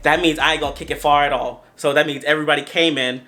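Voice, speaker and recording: A storytelling vlogger in his twenties tells a story to the camera in a casual, slangy, animated style, often addressing his viewers directly. His voice is on the high side, and he talks fast.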